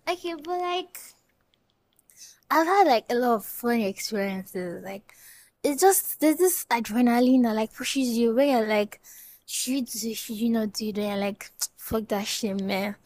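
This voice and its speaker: A woman's voice: high-pitched, no echo. A young Nigerian woman in her twenties chatting playfully in a casual vlog, full of "like" fillers, laughing often and slipping into pidgin. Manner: playful, giggly, lots of "like" fillers, slips into pidgin. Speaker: vlogger. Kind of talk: casual hyped vlog chat.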